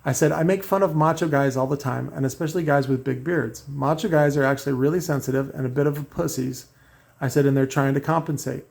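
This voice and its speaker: A man's voice: mid-range voice, fairly even intonation, quick pace, vocal fry, darkish tone. A man talking in a rambling, profane monologue, reading out messages and restarting his sentences often. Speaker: car audio maker and host. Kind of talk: casual ranting monologue.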